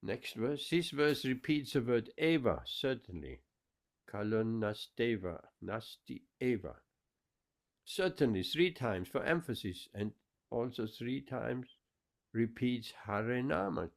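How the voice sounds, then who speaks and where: A man's voice: mid-range voice, gravelly. A man giving a scripture class, explaining verses with emphatic repetition. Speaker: spiritual teacher.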